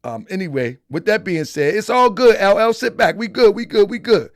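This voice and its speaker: A man's voice: high-pitched, expressive, normal speed, no echo. A man hosting a live stream in a casual, repetitive style, talking straight to his chat. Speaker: live-stream show host.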